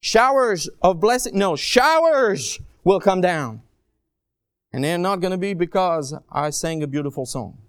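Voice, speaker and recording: A man preaching a sermon as a guest preacher, stretching key phrases out slowly and swinging from soft asides to raised, pleading lines. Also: high-pitched, animated, smooth, dry recording, studio quality. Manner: slow, drawn-out emphasis on key phrases.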